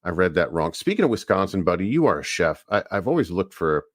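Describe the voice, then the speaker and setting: A man from the US Northeast co-hosting a podcast, telling stories in a rambling, animated way. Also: deep voice, fast talker, dry recording, clean studio sound. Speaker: podcast co-host. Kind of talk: casual chat.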